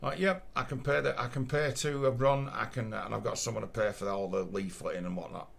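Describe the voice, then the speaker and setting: A man's voice: medium pitch, steady tone, a little fast, creaky. A man with a Northern English Lancashire accent, telling a story bluntly and casually, swearing often and acting out what others said. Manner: blunt, swears often, acts out quoted voices.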